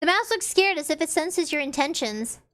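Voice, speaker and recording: A woman's voice: high-pitched, animated, moderate pace, a bit bright. A young woman streaming a horror game, reading its text aloud with playful commentary and dramatic sound effects.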